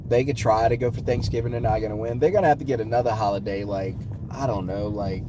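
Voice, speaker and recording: A man's voice: on the low side, steady tone, fast talker, background noise. Emphatic man ranting from a car. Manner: emphatic, punchy repeated phrases. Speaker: sports opinion vlogger. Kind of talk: casual opinion rant.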